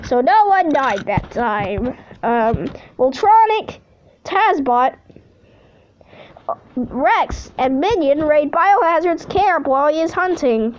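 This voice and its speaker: A woman's voice: high-pitched, animated, takes it slowly, highs cut off. A woman host reading simulated game results aloud, adding playful jokes and cheers between lines. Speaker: channel host.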